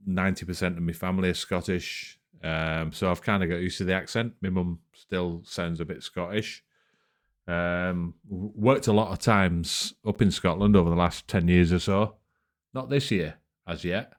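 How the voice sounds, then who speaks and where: A man hosting a reaction video, chatting casually and rambling with lots of ums. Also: deep voice. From England. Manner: laid-back, rambling with many ums. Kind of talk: casual chat.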